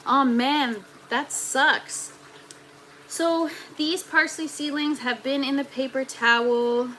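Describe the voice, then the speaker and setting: Bright, chatty woman livestreaming. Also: sits high, steady tone, slow, slight background noise, low-quality recording. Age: 30s. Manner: chatty, talks to viewers and reads their comments aloud. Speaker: gardening livestream host. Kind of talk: casual live-stream chat. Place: indoor grow tent at home.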